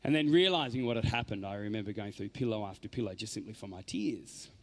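A man as a motivational speaker giving an inspirational faith talk, telling his story dramatically and swinging from hushed lines to loud ones. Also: on the low side, fast.

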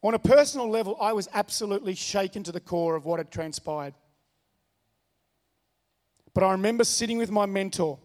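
Guy preaching, fairly high voice, earnest storytelling, long church reverb. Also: fairly quick, pauses often, darkish tone. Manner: earnest storytelling preacher, repeats key phrases. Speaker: pastor. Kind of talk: sermon.

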